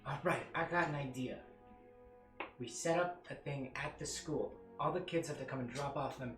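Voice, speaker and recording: A man's voice: medium pitch, normal speed, a bit bright. Guy at a tabletop game throwing out ideas, roomy echo, music playing. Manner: eager, brainstorming plans. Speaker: player. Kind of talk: casual tabletop game chat. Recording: echoey room with music behind.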